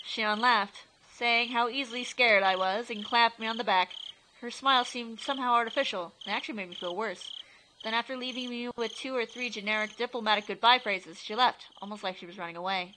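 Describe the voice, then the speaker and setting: A woman narrating a horror visual novel aloud in an expressive, steady reading style. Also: on the high side, brisk, a little hiss or hum, rough recording.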